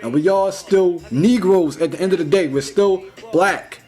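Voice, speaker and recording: A young man talking in a casual, rambling vlog monologue, full of "like" and "you know", slangy and animated. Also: sits high, moderate pace. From United States. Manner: rambling, heavy use of "like" and "you know", restarts; slangy, animated when retelling. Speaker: vlogger.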